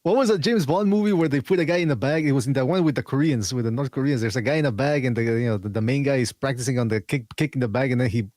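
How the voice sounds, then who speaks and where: Fast-talking rambling male podcast host. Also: medium pitch, darkish tone, no room sound, studio quality. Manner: rapid, rambling, restarts with many fillers. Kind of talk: casual panel chat.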